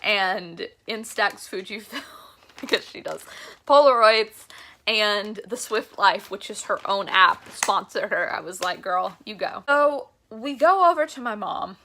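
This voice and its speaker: A woman's voice: medium pitch, animated, measured pace, pushed and bright, slight background noise. A young woman vlogger telling a concert story in a chatty, gushing way, full of "like" fillers. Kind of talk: casual storytelling vlog.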